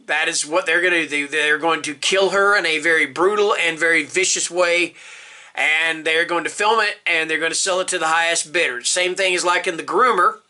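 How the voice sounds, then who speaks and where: Man, middle-aged, high voice, casual book talk, rambling, emphatic, openly emotional. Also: fairly even intonation, normal speed, sharp tone. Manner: rambling, emphatic, frequent "all right?" and "okay?" checks. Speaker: book reviewer. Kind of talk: casual booktube tag video.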